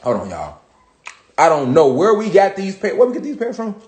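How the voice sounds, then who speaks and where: High-voiced man lecturing in an echoey room. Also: wildly swooping pitch, brisk, darkish tone. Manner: rambling, profane, repeats "you know what I'm saying". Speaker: spiritual teacher. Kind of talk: casual home lecture. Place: at home. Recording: roomy echo.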